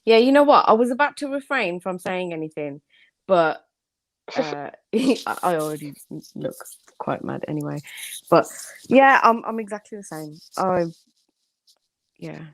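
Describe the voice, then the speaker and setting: A woman's voice: fairly low pitch, lively intonation, a little slow, no room sound. A woman co-hosting a livestream, talking candidly and rambling in casual chat. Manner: candid, rambling, laughs often. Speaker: livestream co-host.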